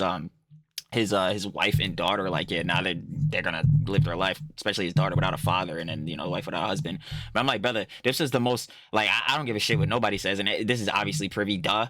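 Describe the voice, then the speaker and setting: Young guy ranting hard, cussing a lot, super exasperated, bright sharp voice. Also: deep voice, no room sound, clean studio sound. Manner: heated, profane, exasperated, slangy. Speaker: reaction commentator. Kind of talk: ranting reaction commentary.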